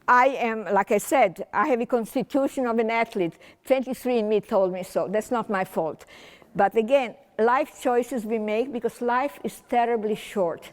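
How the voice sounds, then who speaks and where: A woman's voice: on the high side, moderate pace, big-room sound. An older woman from Transylvania giving a chatty, whimsical public talk to a community audience, rambling with restarts. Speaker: guest speaker. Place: large community hall.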